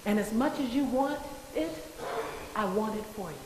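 A woman's voice: on the high side, lively intonation, moderate pace, background noise. A woman giving a motivational speech to an audience, emphatic and repeating her key phrases for effect. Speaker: motivational speaker. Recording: echoey hall with long reverb.

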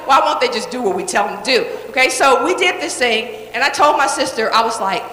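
A woman coach speaking at a live seminar, animated and emphatic as she chats with the audience. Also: on the high side, fairly quick. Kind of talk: live motivational seminar storytelling. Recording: echoey hall reverb.

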